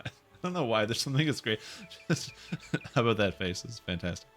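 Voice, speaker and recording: A man's voice: fairly low pitch, sing-song, brisk, fairly bright tone, faint music behind. A man streaming a game and chatting casually with his viewers, rambling and chuckling now and then. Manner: rambling, chuckles often, talks to his cat. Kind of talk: casual live-stream chat.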